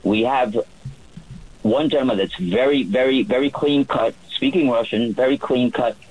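A man who works as a yacht chef, telling a relaxed story on the radio with many fillers and restarts. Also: medium pitch, husky, low-quality recording.

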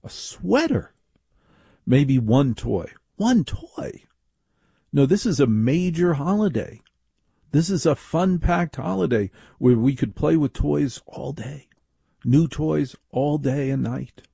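Middle-aged male talk radio host, gravelly and husky, emphatic mock-outrage storyteller, close dry studio sound. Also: mid-range voice, unhurried, dark tone, no room sound. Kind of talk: call-in radio monologue.

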